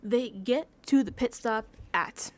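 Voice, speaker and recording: A woman with a slightly high voice talks through a reality show recap in a loose, conversational way. She tells stories with animated swings, and her lines are full of fillers and bursts of laughter. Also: slow pace. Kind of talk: casual recap chat.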